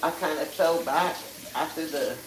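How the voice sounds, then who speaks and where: A woman's voice: low voice, normal speed, a little hiss or hum. A woman hosting a livestream, telling stories in a candid, earthy way with frequent swearing and trailing asides. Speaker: livestream host. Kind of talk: casual storytelling chat.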